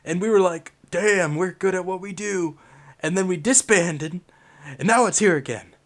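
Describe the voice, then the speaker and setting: A man voicing a shaky, fervent old man who rants and curses loudly in a tabletop game. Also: high voice, moderate pace, voice pushed up. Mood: indignant. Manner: loud, agitated, profane ranting.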